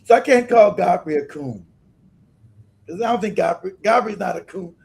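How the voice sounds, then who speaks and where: A man hosting a livestream, delivering emphatic, animated commentary and laughing often as he talks. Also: high-pitched, moderate pace, creaky. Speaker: livestream host.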